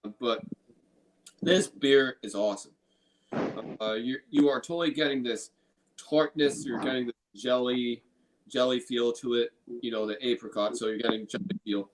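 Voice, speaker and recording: A man's voice: mid-range voice, steady tone, moderate pace, rough recording. A man from Illinois hosting a casual beer review, enthusiastic and profane, often repeating his phrases. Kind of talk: casual beer tasting chat.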